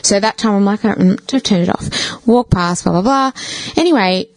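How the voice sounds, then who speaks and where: In a low-quality recording with no room sound, a woman speaks at normal speed in a medium pitch. She's a podcast guest telling a personal story in casual chat, chatty in manner, swearing freely and filling her talk with "like".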